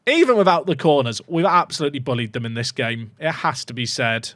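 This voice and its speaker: A man commentating his own football management game, excitable and jokey, reacting loudly to goals. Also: mid-range voice, brisk, no room sound, studio quality. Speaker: gaming YouTuber.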